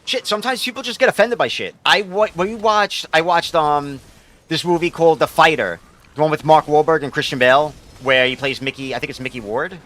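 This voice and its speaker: Bright-voiced New man chatting on stream. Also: a little high, fairly quick. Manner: rambling, profane, talks back to chat. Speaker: game streamer. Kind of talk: casual stream chat with viewers.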